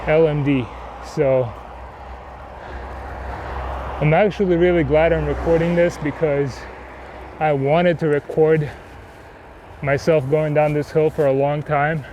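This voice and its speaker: A man's voice: a little high, fairly even intonation, measured pace, darkish tone, highs cut off. A man chatting casually while riding a bike outdoors, rambling and self-deprecating, with many fillers. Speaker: cycling vlogger. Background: wind and faint traffic.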